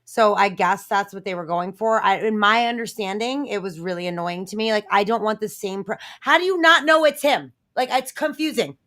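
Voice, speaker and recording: A woman's voice: medium pitch, a little fast, hardly any pauses, fairly bright tone. A woman on a live entertainment news show, ranting bluntly and swearing freely in casual chat.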